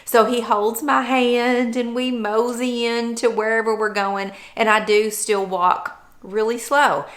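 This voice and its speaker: A woman's voice: fairly high pitch, little pitch movement, unhurried, few pauses, fairly bright tone. A woman vlogger talking candidly and earnestly about her personal experience. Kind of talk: personal vlog chat.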